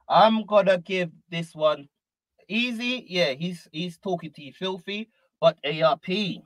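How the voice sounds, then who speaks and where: A man's voice: high-pitched, measured pace, no room sound, highs cut off. A man hosting a reaction show, commenting animatedly and calling out names in repeated bursts. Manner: animated, repetitive, calls out names. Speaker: host.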